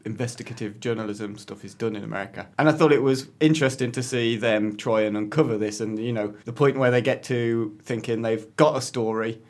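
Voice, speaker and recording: A man's voice: mid-range voice, brisk, few pauses, a little mellow. A man appearing as a guest on a podcast, chatting casually and a bit hesitantly about films he loves.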